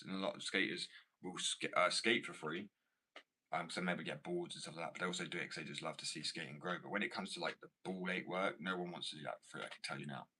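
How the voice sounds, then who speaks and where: A man's voice: low voice, pushed and bright, breathy edge. A man with an English accent chatting casually to viewers, blunt and rambling as he answers their comments about skating and his business. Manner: blunt, rambling, self-assured. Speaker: skater and small business owner.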